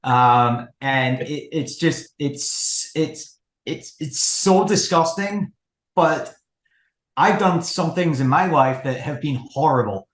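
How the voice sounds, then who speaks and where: A man's voice: a little high, takes it slowly. A man speaking as a guest in a casual interview, hesitant, with many ums and restarts. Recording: echoey room.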